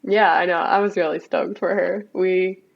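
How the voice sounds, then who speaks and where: Gravelly young woman on a lo-fi call. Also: fairly low pitch, normal speed. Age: young adult. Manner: relaxed, many likes and ums. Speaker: mountain bike racer, guest. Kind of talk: casual interview chat.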